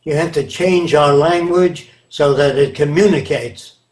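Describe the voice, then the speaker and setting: An older man answers interview questions emphatically, lecturing and often checking that his listener understands. His voice is on the high side, a little slow and a little mellow, with a roomy echo in the recording.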